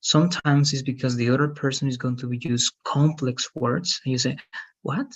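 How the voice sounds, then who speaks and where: A man's voice: mid-range voice, fairly even intonation, moderate pace, a bit bright. A man teaching an online English class, giving patient feedback and checking in with "right?" after nearly every point. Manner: patient, repeats "right?" often.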